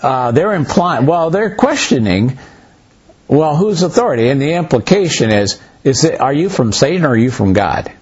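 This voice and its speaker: Animated, husky-voiced man teaching a Bible study. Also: on the high side, normal speed. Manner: animated storyteller, voices dialogue, loose restarts. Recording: muffled lo-fi recording.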